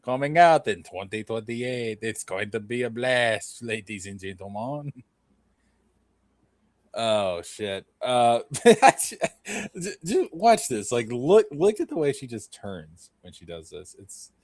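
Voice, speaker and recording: A man's voice: mid-range voice, very animated, takes it slowly, no room sound. A man hosting a casual reaction stream, profane and joking, laughing often. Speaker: host.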